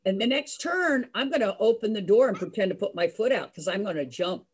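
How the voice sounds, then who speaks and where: An older woman telling a personal story in a lively way, acting out the voices of the people in it. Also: mid-range voice, a little fast, breathy edge. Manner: lively, acts out voices, laughs. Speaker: storyteller host.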